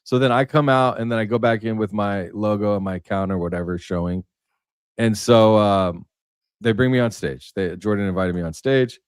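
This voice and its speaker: A man with a fairly low voice hosts a live stream, rambling through his stories with frequent fillers and restarts. His voice sits close to the mic with a dry, unreverberant sound. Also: moderate pace, smooth, no room sound. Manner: rambling storyteller, many fillers. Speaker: livestream host. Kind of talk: casual livestream chat.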